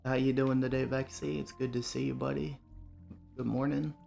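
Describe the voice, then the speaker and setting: A man streaming a game, chatting casually and relaxed with his viewers, greeting them by name. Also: mid-range voice, moderate pace, vocal fry. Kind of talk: casual live-stream chat while gaming. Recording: faint music behind the voice.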